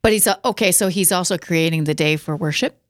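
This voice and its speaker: A woman co-hosting a radio talk show, playful and quick to join in the banter. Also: fairly low pitch, noisy background. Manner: playful, animated, quick to laugh along. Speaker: co-host.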